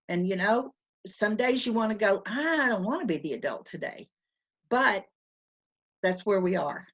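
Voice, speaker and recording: A woman presenter giving conversational teaching advice on a video call, emphatic and repeating phrases for stress. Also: medium pitch. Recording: dull lo-fi webinar audio.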